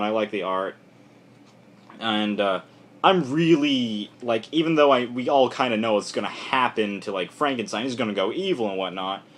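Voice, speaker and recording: A young man giving a casual, rambling spoken review with frequent fillers and restarts. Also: mid-range voice. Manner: rambling, loose and offhand, lots of "like" and restarts. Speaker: comic book reviewer.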